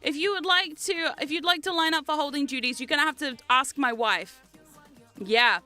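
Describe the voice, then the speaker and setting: A woman's voice: high-pitched, moderate pace, bright, forceful tone, faint music behind. A woman streamer chatting casually to her viewers on a livestream, laughing often and swearing freely.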